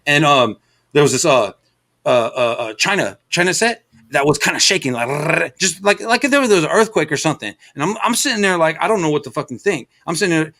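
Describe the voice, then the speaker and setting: A man's voice: on the high side, brisk. Profane, rambling storyteller, middle-aged man. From Los Angeles area. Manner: rambling, profane, animated storytelling with many fillers. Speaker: stream host. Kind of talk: casual storytelling chat.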